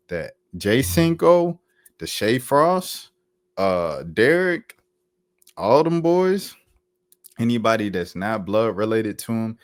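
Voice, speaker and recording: Deep-voiced man ranting in slang. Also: no room sound, studio quality. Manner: slangy, repetitive, emphatic. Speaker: YouTube commentator. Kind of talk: casual commentary vlog.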